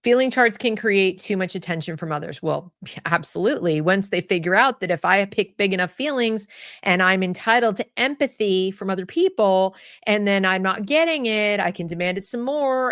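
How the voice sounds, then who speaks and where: A woman's voice: mid-range voice, normal speed, a bit bright, dry recording, clean studio sound. A woman hosting an opinion commentary show, talking bluntly, often repeating words and restarting her sentences. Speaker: host.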